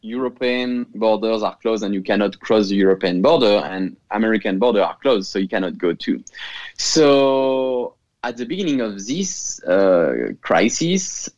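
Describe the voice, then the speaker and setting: A man's voice: fairly low pitch, expressive, normal speed, a little mellow, highs cut off. A man with a French accent, a fertility center case manager, speaking earnestly in an interview and sometimes searching for words. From France. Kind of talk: interview over a call.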